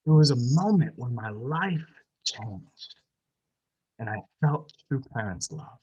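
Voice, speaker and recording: A man's voice: mid-range voice, animated, slow, slightly rough, highs cut off. A young man giving a personal faith testimony, telling his story with strong feeling and many restarts. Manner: emotional storytelling, rising and louder at the climax, many restarts.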